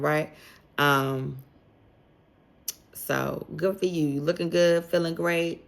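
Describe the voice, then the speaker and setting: A woman's voice: low-pitched, steady tone, a little slow, vocal fry, long pauses. A woman giving a casual, chatty tarot reading for zodiac signs, speaking straight to each sign with plenty of slang and "like" fillers. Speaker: tarot reader.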